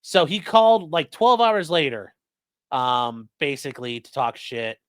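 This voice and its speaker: A man's voice: a little high, sing-song, unhurried, smooth, dry recording. A man hosting a true crime livestream, reading court papers aloud with sarcastic, profane asides. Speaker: host.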